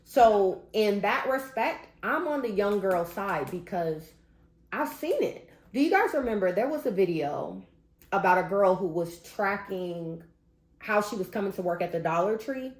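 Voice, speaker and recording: Woman vlogger, emphatic casual vent straight to camera, mid pitch, roomy echo. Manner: emphatic, talks straight to viewers.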